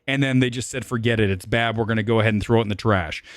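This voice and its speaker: A man hosting a live-stream movie show, ranting animatedly with swearing and sudden loud, high-pitched outbursts. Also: fairly even intonation, fast, no echo, studio quality. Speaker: film critic and show host.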